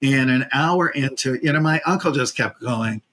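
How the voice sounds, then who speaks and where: A man in his fifties, a casting director and podcast guest, telling a personal story in a lively, casual way, acting out the people he quotes and using plenty of fillers. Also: medium pitch, normal speed, low-quality recording.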